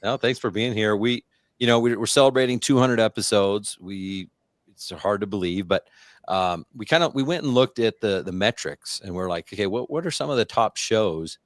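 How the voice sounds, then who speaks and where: A man's voice: lowish voice, normal speed, dry recording, studio quality. A man hosting a podcast, talking candidly in a casual chat over a video call, often repeating words as he goes. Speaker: podcast host.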